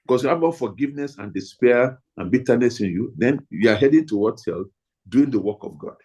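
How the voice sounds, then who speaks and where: Emphatic husky man teaching pastors. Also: medium pitch, animated, fairly quick, a little mellow, poor audio. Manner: emphatic, repetitive, stresses single words. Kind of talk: training talk to pastors.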